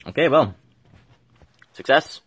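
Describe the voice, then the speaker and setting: A man's voice: medium pitch, animated, slow, a bit bright, slightly rough, no room sound. A man giving casual gameplay commentary, thinking aloud and mumbling with fillers as he plays at home. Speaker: gameplay streamer.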